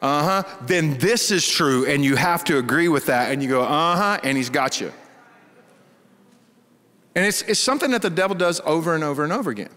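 A pastor from Texas with a Texas accent, preaching in a folksy, animated storytelling style and acting out the voices in his stories. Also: fairly high pitch, fairly quick. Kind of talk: storytelling sermon. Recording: reverberant church hall.

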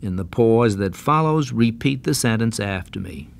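A man giving slow, carefully enunciated pronunciation lessons, patiently repeating words for drill, on a 1970s language-course record. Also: lowish voice, animated, gravelly. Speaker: pronunciation teacher. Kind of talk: slow, deliberate instructional narration.

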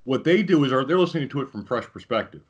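A man co-hosting a podcast in casual chat, enthusiastic and emphatic, quick to agree. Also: medium pitch, lively intonation. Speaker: podcast co-host. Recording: dull, slightly husky lo-fi audio.

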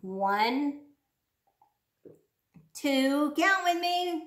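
A woman speech therapist coaches children through sound drills in a playful, exaggerated voice. Her pitch sits high and leaps around in sing-song swoops, and she takes her time over every word. The room around her is echoey. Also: animated, extremely slow, a bit bright. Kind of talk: speech practice lesson for children. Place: home room.

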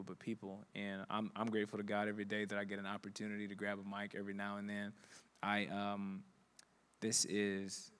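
Earnest, animated young preacher man. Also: lowish voice. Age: young adult. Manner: animated and earnest, acts out quotes. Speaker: guest speaker and pastor. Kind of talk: storytelling conversation.

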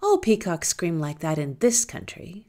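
A woman's voice: lowish voice, huge pitch swings, moderate pace, mellow. A woman doing a dismissive wicked robber. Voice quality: dismissive, offhand. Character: wicked rich robber posing as uncle.

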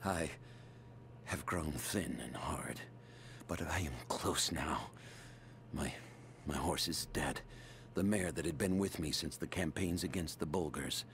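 A grim, weary soldier. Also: male voice, unhurried, a little hiss or hum, heavily acted. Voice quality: very deep, grave, hushed. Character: weary, obsessed soldier hunting a prophet. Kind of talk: game journal narration.

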